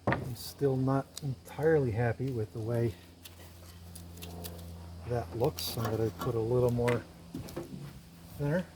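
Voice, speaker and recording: In his woodshop, a man with a mid-range voice talks through his woodworking step by step, thinking aloud as he goes. He's a woodworker and video host, speaking casually at a measured pace in a steady tone, pausing often. The background is noisy.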